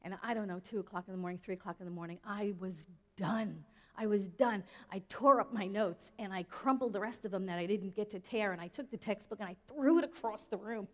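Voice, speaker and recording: A woman's voice: mid-range voice, a little fast, few pauses, a bit bright. A woman minister giving a sermon in a conversational way, often asking the audience questions. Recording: long hall reverb.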